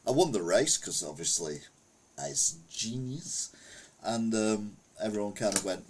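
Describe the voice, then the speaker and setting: Guy from england on a gaming stream, slightly low voice, husky, tells long meandering stories. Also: animated, measured pace, a little mellow. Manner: rambling anecdotal storytelling, reads chat aloud. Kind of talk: casual live-stream chat.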